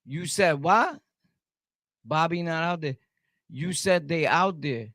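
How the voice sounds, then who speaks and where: On the high side and fairly bright, this man's voice takes things slowly, captured in clean studio sound without echo. The Brooklyn-accented streamer, a native of Brooklyn, New York, responds to chat with a heated, combative rant in which he keeps repeating his points.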